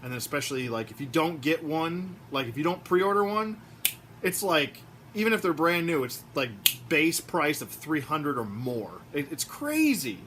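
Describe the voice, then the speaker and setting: A man who collects toys, chatting in a rambling, excitable way with lots of fillers, recorded in a room at home. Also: a little high, moderate pace, background noise. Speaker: toy collector vlogger. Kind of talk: casual rambling review vlog.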